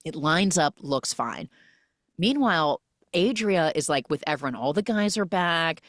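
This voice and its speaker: A woman hosting a podcast, recapping a film in a casual, animated storytelling way and acting out the characters' lines. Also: sits low, measured pace, no room sound, studio quality. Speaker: podcast host.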